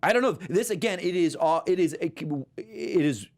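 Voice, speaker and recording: A man co-hosting a casual film review chat, excitable and quick to talk over his co-host. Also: high voice. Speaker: co-host of a movie news show.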